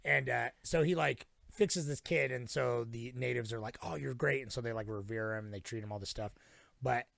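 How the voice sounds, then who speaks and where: Young man, gravelly, podcast co-host, rambling profane plot recap, dry close mic. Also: mid-range voice, fairly even intonation, fairly bright tone, dry recording. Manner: profane, rambling retelling with quick put-on character voices. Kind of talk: casual film recap chat.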